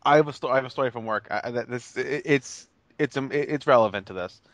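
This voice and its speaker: A man's voice: mid-range voice, fast talker, no room sound. A young man on a casual podcast, telling a story with lots of stammered restarts and swearing. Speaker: podcast co-host.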